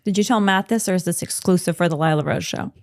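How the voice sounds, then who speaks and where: A woman's voice: on the low side, quick pace, no echo, clean studio sound. A woman hosting a podcast interview, asking questions in an affirming, conversational way. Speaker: podcast host.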